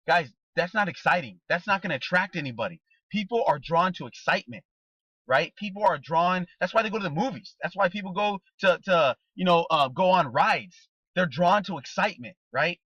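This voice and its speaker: A man's voice: on the high side, brisk, pushed and bright, dry recording. A man giving a motivational training talk, coaching his listeners emphatically with rhetorical questions and a repeated "guys" and "okay?". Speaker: network marketing trainer. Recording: dull, dry recording.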